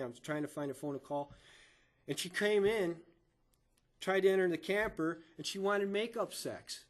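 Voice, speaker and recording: Man with a pretty high voice telling his side in court, stammery, keeps repeating words. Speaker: witness giving testimony. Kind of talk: emotional courtroom testimony.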